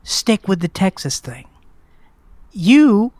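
A man's voice: sits high, very animated, slow, a little mellow, no room sound. A man from Mississippi co-hosting a casual film podcast, wry and teasing, talking with restarts. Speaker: podcast co-host.

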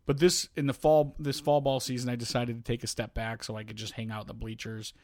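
Telling a story during relaxed podcast chat, this middle-aged co-host is an animated narrator who performs the voices of the characters he quotes. He has a mid-range voice and talks fast, recorded at studio quality with no room sound.

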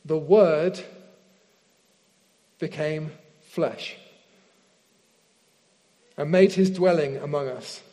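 A man preaching a sermon, leading a prayer and reading scripture slowly and earnestly. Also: fairly high pitch. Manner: earnest, slows down and softens in prayer. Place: church hall with screen behind speaker. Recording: long hall reverb.

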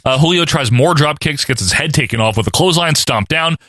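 A man talks fast with a lively, swooping delivery as he recaps old wrestling matches blow by blow. His voice is bright and forward, and it sits dry and close to the mic. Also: fairly high pitch, dry recording. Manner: lively play-by-play, laughs often, mimics commentators. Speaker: podcast co-host. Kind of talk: casual wrestling recap chat.

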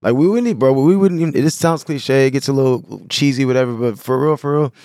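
A man from San Diego, a guest on a podcast, talking in a casual, animated, slangy way. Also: medium pitch, quick pace, dry recording, clean studio sound. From San Diego, California. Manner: animated, slangy, says "bro" and "you know what I'm saying" a lot. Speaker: podcast guest, clothing brand owner. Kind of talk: casual conversation.

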